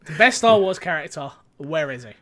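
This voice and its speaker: A man's voice: a little high, animated, a little fast, fairly bright tone. A young man co-hosting a casual gaming news chat, reading out stories with frequent stumbles and a playful, rambling manner.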